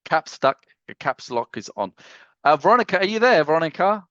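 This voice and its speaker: A man hosting a live software training webinar over a video call, reading chat comments aloud, teasing and joking between walkthrough steps. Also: fairly high pitch, very animated, moderate pace, no echo. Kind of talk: casual live screen-share tutorial. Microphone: computer mic on a video call. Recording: dry, slightly dull video-call audio.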